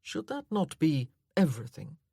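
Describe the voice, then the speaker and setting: A woman reading the part of an earnest, battle-scarred young earl, pleading and insistent in a gentle way. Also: low-pitched, sing-song, moderate pace, husky, dry recording, clean studio sound, exaggerated voice.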